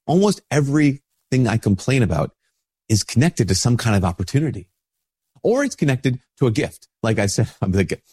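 A priest with a stuffy nose from a cold, giving an informal spoken reflection with many restarts. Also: male voice, mid-range voice, big pitch swings, normal speed, a little mellow, breathy edge.

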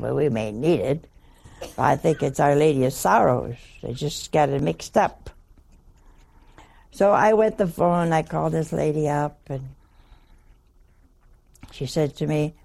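A woman's voice: low voice, vocal fry, darkish tone. An older woman, a nun, telling a funny story in a wry, folksy, chuckling way. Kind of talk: humorous anecdotal storytelling talk.

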